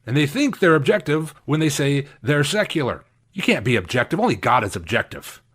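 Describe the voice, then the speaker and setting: Man, pastor, emphatic sermon delivery, higher-pitched voice. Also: very animated, fairly quick, fairly bright tone, slightly rough. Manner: emphatic, repeats key phrases for stress; acts out quoted speakers in shifted voices.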